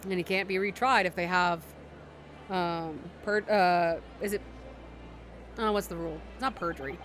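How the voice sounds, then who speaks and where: A woman's voice: on the low side, fairly even intonation, moderate pace, a bit bright, slight background noise. A woman streamer in casual game-stream chat, chatty and trailing off mid-thought, with faint game music behind.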